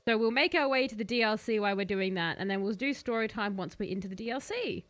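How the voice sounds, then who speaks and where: A woman's voice: mid-range voice, quick pace, a bit bright. A woman streaming a video game, chatting casually with her viewers and laughing often. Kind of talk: casual gaming live-stream commentary.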